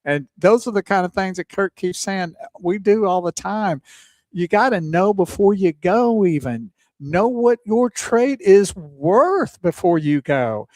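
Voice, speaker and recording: A man's voice: sits high, expressive, unhurried, a little mellow, no room sound. A man co-hosting a radio show who laughs often and chimes in with short replies. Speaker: radio co-host. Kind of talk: casual radio banter. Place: radio studio.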